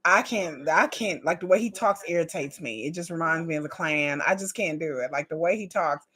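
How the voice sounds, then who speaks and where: A woman's voice: deep voice, a little fast, fairly bright tone, husky. A woman, hosting a casual reaction video, outspoken and emphatic with plenty of slang. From Texas.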